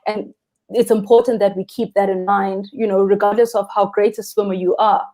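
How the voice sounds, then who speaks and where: Guest spot: young South African woman, warm mellow tone, earnest and expressive about the ocean. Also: mid-range voice, moderate pace. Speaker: freediving instructor, guest. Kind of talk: live interview chat.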